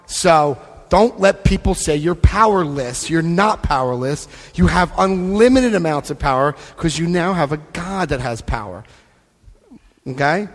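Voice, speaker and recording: A man's voice: a little high, animated, measured pace, soft background music. A man speaking at a recovery convention, emphatic and direct, guiding the audience through book pages and checking in with them. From Florida, US. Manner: emphatic, often checks in with "Okay?". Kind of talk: live talk to a convention audience. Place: large convention hall with an audience. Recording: long hall reverb from a live talk.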